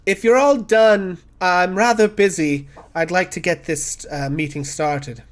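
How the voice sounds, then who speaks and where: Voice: medium pitch, steady tone, measured pace, close to an everyday voice. A game master voicing a curt, impatient noblewoman wizard in a tabletop game. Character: brisk, busy noblewoman wizard.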